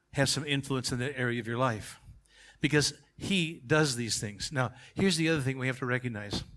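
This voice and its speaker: A male pastor preaching a sermon, emphatic, swinging from quiet asides to shouted climaxes. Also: a little high.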